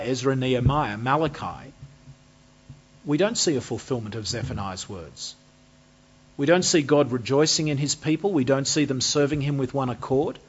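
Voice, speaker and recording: Husky male preacher, measured sermon delivery. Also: medium pitch, dull audio. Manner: measured expository preaching, slowing and stressing key phrases.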